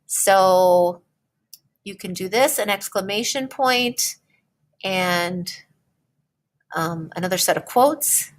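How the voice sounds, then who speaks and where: A woman teacher explaining a writing lesson in a slow, patient way, often checking in with "okay?". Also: mid-range voice.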